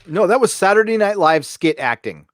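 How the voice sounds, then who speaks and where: A man's voice: high voice, very animated, moderate pace, fairly bright tone, no echo. A man co-hosting a casual live-stream chat, rambling with hesitations and blunt, profane opinions. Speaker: co-host.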